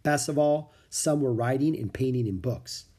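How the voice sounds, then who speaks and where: A man narrating a children's book in an expressive storytelling manner. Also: medium pitch, normal speed, slightly rough.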